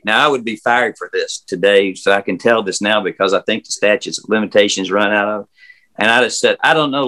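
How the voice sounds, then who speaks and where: A man's voice: fairly low pitch, a bit bright, rough recording. An older man with a Southern US accent, a former historic house guide, telling stories in a rambling, folksy way full of fillers and restarts. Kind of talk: casual storytelling interview. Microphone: remote video call.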